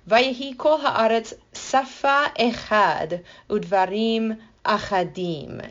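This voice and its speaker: A woman teaching scripture in a relaxed, conversational way, playful and full of enthusiasm. Her voice sits at a middle pitch for a woman. The sound is dull and lo-fi. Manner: playful and enthusiastic, with vivid asides. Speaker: Bible teacher.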